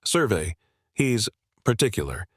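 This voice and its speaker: A man doing a measured county clerk. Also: fairly low pitch, big pitch swings, husky, no room sound, clean studio sound, heavily acted. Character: careful male county zoning clerk.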